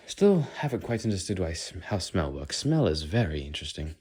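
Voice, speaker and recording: Deep-voiced rambling American man. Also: big pitch swings, fairly quick, hardly any pauses, a little mellow, husky. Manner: rambling, musing, does playful accent impressions. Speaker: vlogger. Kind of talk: casual walking monologue.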